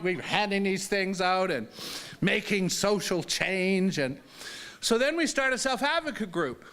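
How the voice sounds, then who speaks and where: High, bright-voiced older man storyteller. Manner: conversational, humorous, frequent "okay?" check-ins. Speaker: disability advocate speaker. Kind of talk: storytelling talk.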